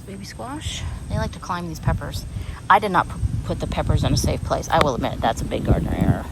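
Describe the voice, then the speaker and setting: A woman's voice: sits low, big pitch swings, quick pace, gravelly. A middle-aged woman giving a casual walking tour of her backyard garden, chatty and self-deprecating as she points things out. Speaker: gardening vlogger. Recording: loud outdoor background noise.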